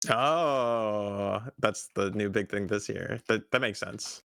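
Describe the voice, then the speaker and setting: A young man chatting casually on a stream, easygoing and quick to laugh. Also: lowish voice, vocal fry, a bit bright, smooth, dry recording. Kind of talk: casual chat.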